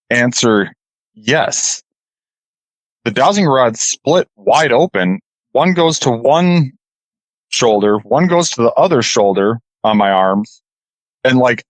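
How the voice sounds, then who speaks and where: A man telling a deeply personal story as a radio interview guest, earnest and halting, holding back tears. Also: dry recording, rough recording. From California.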